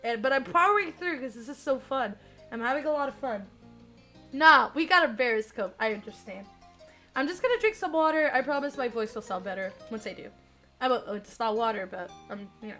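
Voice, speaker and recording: A high-voiced young woman reads a dating game aloud to her stream, giggly and quick to get excited. Her voice sounds strained and starts to crack from so much reading. Soft music plays faintly underneath. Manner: giggly, excitable, chats with viewers.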